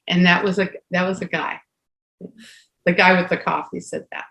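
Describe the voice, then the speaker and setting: A woman's voice: fairly low pitch, moderate pace, gravelly. A woman in her sixties, co-hosting a casual talk and telling a personal story, acting out the dialogue. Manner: animated storyteller who acts out quoted dialogue. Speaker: co-host. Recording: roomy echo.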